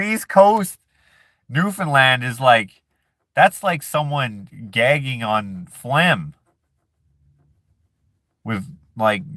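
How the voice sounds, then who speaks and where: A man's voice: mid-range voice, fairly bright tone, no echo. A man hosting a casual live chat who reads viewer comments aloud and jokes and laughs at himself in a laid-back way. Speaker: streamer host.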